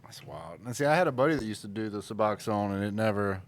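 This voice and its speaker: A man's voice: fairly low pitch, lively intonation, fast talker. A man co-hosting a podcast in casual chat, laid-back and mostly chiming in briefly. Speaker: podcast co-host.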